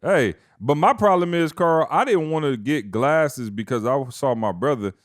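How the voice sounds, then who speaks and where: A man's voice: on the high side, animated, normal speed, no echo, clean studio sound. A man co-hosting a casual podcast chat, talking in a laid-back, slangy way. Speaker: podcast co-host.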